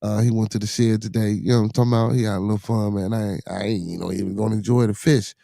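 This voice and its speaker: This middle-aged Chicago host races through his solo live-stream podcast in a fairly low, steady, creaky and dark voice, greeting viewers in the chat. His talk is relaxed street slang full of repeated phrases and endless "you know what I'm saying," captured in dry, studio-quality audio.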